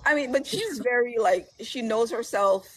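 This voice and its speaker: Husky-voiced woman author, chatty. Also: a little high, moderate pace. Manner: chatty, laughs often while telling stories. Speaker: author, guest. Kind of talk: casual chat.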